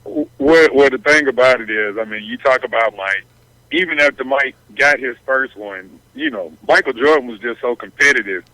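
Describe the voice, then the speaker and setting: Sports podcast co-host, man with a bright, forceful voice, dry close mic, easygoing. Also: mid-range voice, lively intonation, normal speed, vocal fry, dry recording, rough recording. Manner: easygoing, agreeing, backs up his partner. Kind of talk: casual sports talk.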